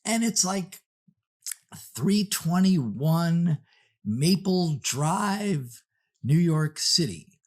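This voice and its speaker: A man hosting a podcast, telling a story in a casual, animated way and acting out the characters. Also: a little high, very slow, pauses often. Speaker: podcast host.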